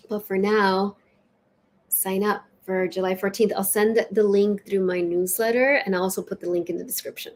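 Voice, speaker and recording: A woman hosting a live spiritual session, chatting casually and reading oracle cards aloud in an expressive, lilting way. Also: mid-range voice, moderate pace. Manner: warm, chatty, lilting and expressive, with soft laughs.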